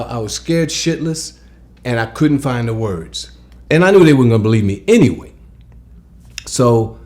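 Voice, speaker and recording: A man telling a creepy story from his childhood in a conversational way, dropping to a hush in the tense moments. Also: medium pitch. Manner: conversational, hushed in tense parts, excited when recalling being disbelieved.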